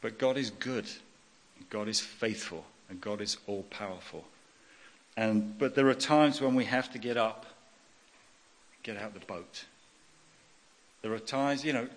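Middle-aged male pastor, low-pitched, emphatic sermon delivery, long hall echo. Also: unhurried, long pauses, a bit bright. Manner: personal testimony, emphatic repetition, frequent "okay?". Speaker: preacher.

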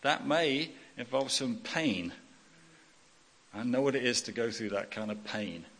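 A man's voice: mid-range voice, expressive, unhurried, fairly bright tone. A middle-aged man giving a personal testimony in a sermon, emphatic and repetitive, often checking in with "okay?". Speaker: preacher. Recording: long hall reverb.

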